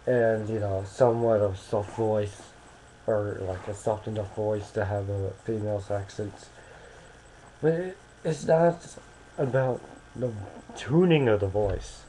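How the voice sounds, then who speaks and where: A man's voice: lowish voice, unhurried, dark tone, a little hiss or hum, poor audio. A young American man talking casually into a webcam, rambling and hesitant with many restarts. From United States.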